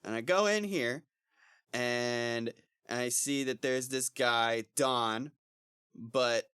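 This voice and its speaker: A man co-hosting a book podcast, chatting in an animated, joking and profane way. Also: mid-range voice, very slow, smooth, dry recording, clean studio sound. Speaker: podcast co-host. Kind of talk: casual chat.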